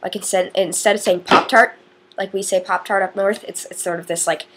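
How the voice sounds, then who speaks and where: A woman's voice: mid-range voice, steady tone, brisk, a bit bright, a little hiss or hum. A teenage girl from northern Indiana chatting to camera in a rambling, casual way with lots of fillers. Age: teens. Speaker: vlogger.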